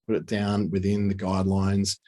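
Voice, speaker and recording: A man talks through a design tutorial on his screen. His voice is low and a little husky. He thinks aloud in a casual, chatty way as he clicks through each step. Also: monotone, moderate pace, warm tone. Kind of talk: screen-share software tutorial.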